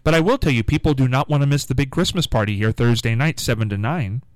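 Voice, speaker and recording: A man's voice: mid-range voice, fast, no room sound. A man hosting a local radio show in a casual, upbeat, folksy way, plugging events. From Midwest US. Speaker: radio host.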